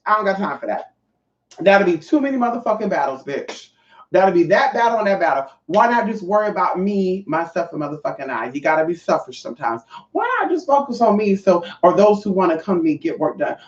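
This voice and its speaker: Sassy trans woman vlogging, swears a lot, talks to the viewers directly; echoey room, set back from the mic, muffled sound. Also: fairly low pitch. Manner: sassy, profane, calls the viewers honey and y'all. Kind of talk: casual storytelling to viewers. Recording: echoey, distant, dull sound.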